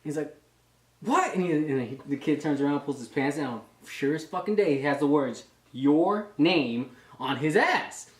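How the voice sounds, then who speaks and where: This young man in his twenties speaks on the high side at a normal pace, barely pausing, his voice reverberating around an indoor gym. Between sets, the reservist and fitness vlogger swaps crude boot camp tales, laughing as he impersonates drill instructors.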